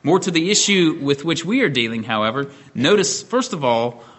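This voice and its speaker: Bright-voiced male preacher. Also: a little high, very animated. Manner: measured, explanatory, with occasional fillers and restarts. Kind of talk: expository sermon.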